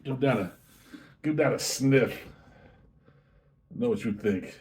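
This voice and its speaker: On his own whiskey review show, a man tastes a drink and describes it, chatting in a casual, easygoing way and correcting himself as he goes. His voice is mid-range, slow, and darkish in tone.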